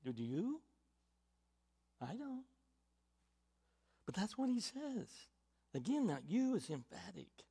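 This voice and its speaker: Man, preacher, sermon, high voice, slow deliberate pace, hushed-to-loud swings, emphatic. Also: sing-song, gravelly, slightly rough. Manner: dynamic, swinging from hushed near-whispers to loud emphatic lines; repeats and stresses key words, asks the listeners questions.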